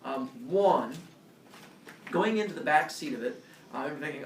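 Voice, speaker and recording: A male teacher tells a class a personal story in an animated, self-mocking way, recorded by a distant camera in a classroom. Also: a little high, moderate pace, pauses often, slight background noise. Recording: echoey classroom from far off.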